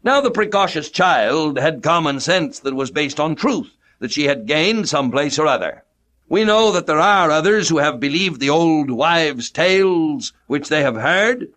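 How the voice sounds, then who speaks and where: A middle-aged man from the United States preaching a radio sermon with a formal, measured cadence. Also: fairly high pitch, fairly bright tone.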